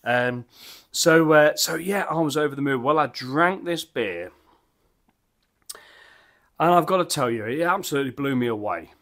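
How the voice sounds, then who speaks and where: A man's voice: fairly high pitch, lively intonation, normal speed, long pauses, fairly bright tone. Chatty man in his fifties. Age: 50s. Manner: chatty, rambling, enthusiastic. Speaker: beer reviewer. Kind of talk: casual vlog chat. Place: home bar.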